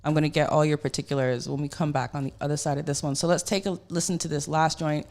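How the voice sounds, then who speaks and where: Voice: mid-range voice, fairly even intonation, fast, darkish tone. A radio host chatting with guests in a studio, effusive and rambling, with many fillers. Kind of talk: casual radio interview.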